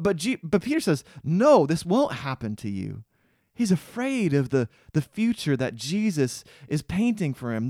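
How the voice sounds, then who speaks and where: A man's voice: darkish tone, no room sound, studio quality. A man preaching a sermon, earnest and building to emphatic peaks, dropping his voice to read scripture. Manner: reads scripture aloud in a lowered voice. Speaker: pastor.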